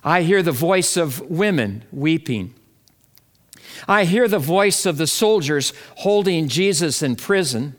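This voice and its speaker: Slow, reflective male preacher. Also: a little high. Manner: slow, measured and reflective, acting out quoted voices. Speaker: pastor. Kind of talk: Good Friday sermon.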